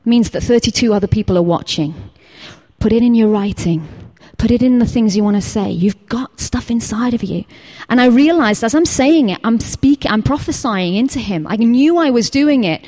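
At normal speed and with a voice on the high side, an English woman who teaches gives an informal talk at church. It's lively storytelling from her own experience, complete with acted-out quotes and moments where she drops to a whisper.

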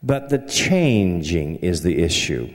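A man's voice: deep voice, big pitch swings, slow pace. A man from the American South preaching with a Southern accent, folksy and humorous, telling anecdotes. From southern United States. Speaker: pastor. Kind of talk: sermon. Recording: long hall reverb.

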